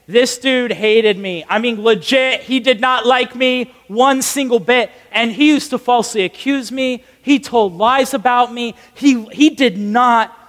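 A young man in his twenties preaching in a casual storytelling style, animated, emphatic and self-mocking. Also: very high-pitched, unhurried, hardly any pauses. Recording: long echoey hall reverb.

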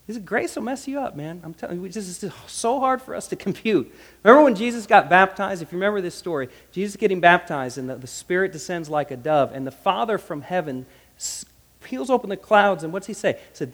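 Guy preaching a sermon, kinda high voice, swings loud to quiet, big echoey church hall. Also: moderate pace. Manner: animated, swings from loud to hushed, acts out quotes. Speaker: pastor.

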